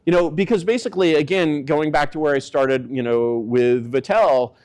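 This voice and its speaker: A man giving casual spoken political commentary, rambling and leaning on filler words, with his pitch swinging up and down for emphasis. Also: normal speed, a little mellow, clean tone.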